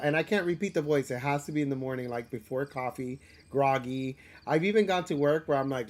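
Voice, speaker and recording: A man chats casually through a live game stream at an ordinary middle pitch. He rambles and runs himself down, stumbling over restarts and fillers as he talks. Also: a little fast, hardly any pauses, a little mellow. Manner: chatty, rambling and self-deprecating; frequent restarts and filler words. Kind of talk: casual live gameplay commentary.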